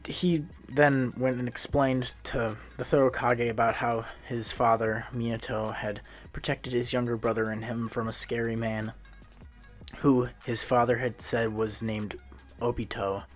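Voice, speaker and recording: A man casually narrating a fan-made story, retelling it loosely with frequent restarts and self-corrections. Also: medium pitch.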